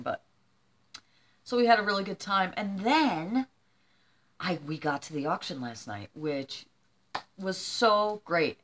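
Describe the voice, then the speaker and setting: A woman's voice: on the low side, a bit bright. Older lady vlogger, rambly and emotional, a bit teary, just chatting to camera. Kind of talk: casual chat to camera.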